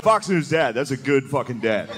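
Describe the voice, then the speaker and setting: A man in his thirties doing a stand-up comedy set, mostly deadpan but breaking into loud mocking voices. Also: medium pitch, moderate pace, crowd noise. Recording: live club set with audience laughter, background noise.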